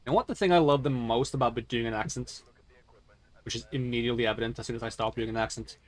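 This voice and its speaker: A man's voice: medium pitch, fairly even intonation, quick pace. A man streaming a game on a headset, talking casually and stuttering as he corrects himself. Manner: stuttering, self-correcting, rambling. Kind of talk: casual gaming stream talk.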